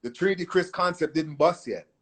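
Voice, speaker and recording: A man telling his life story as an interview guest, in animated, profane street slang. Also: a little high, fairly quick, slightly rough. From Canada. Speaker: guest artist.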